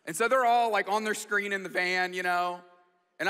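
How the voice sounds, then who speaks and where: Man, 40s, guest preacher: a high, sharp voice, storytelling, self-mocking, stumbling restarts, recorded in a church hall with a long reverb tail. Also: steady tone, fast talker, clear, resonant tone. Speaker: guest pastor. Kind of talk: storytelling sermon.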